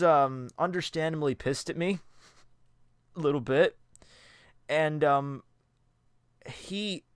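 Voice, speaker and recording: Young male storyteller, casual and profane, clear smooth voice, dry close sound. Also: mid-range voice, fairly bright tone, no echo. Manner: rambling, profane, many fillers and restarts. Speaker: storyteller vlogger.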